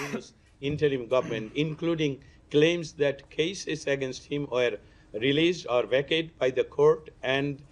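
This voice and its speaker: A man's voice: mid-range voice, a little hiss or hum. A male reporter with a lost voice, politely reading long formal questions at a press briefing and coughing. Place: briefing room.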